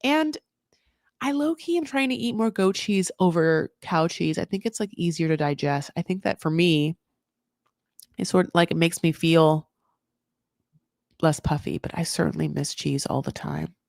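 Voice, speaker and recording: A woman hosting a casual TV recap, rambling with sarcastic, animated asides. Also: on the low side, moderate pace, vocal fry, no echo, clean studio sound. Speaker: recap host.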